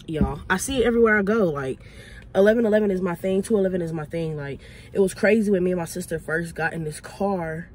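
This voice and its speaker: Fast-talking excitable woman from Texas. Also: on the low side, a little hiss or hum. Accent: Southern US. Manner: fast, excitable, chatty, addresses viewers as y'all. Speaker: vlogger. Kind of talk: casual vlog talk to camera. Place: inside a parked car.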